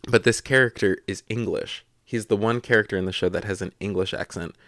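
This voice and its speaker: A man's voice: on the low side, brisk, no echo, studio quality. A young man co-hosting a podcast, telling a story with a lot of laughing. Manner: animated storyteller, laughs often. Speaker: podcast co-host. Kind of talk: casual chat.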